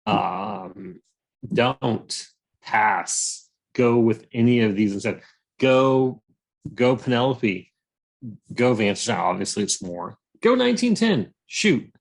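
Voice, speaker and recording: A man's voice: fairly low pitch, takes it slowly, creaky, rough recording. A man co-hosting a casual bourbon chat, blunt and emphatic. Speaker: bourbon review co-host.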